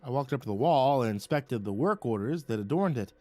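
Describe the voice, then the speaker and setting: A man reading a first-person story aloud in an expressive, dramatic way. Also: medium pitch, a little fast, no echo. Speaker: narrator.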